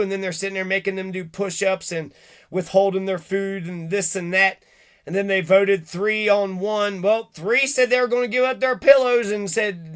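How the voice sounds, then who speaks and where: Brief: male commentator, high pitch, profane and animated, casual monologue. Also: moderate pace, clear, resonant tone.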